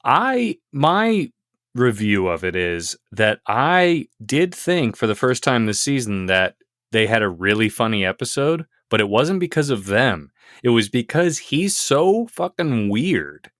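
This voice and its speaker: A man co-hosting a comedic podcast, ranting in bursts that build to shouting. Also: medium pitch, big pitch swings, unhurried, no echo, clean studio sound. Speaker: podcast co-host.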